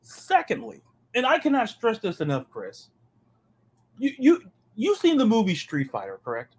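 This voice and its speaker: A man from the American South, co-hosting a casual sports podcast. His voice sits high and swings widely in pitch as he rants. He stumbles and repeats words when he gets worked up. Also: moderate pace, breathy edge. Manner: animated, ranting, repeats words when excited. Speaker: podcast co-host.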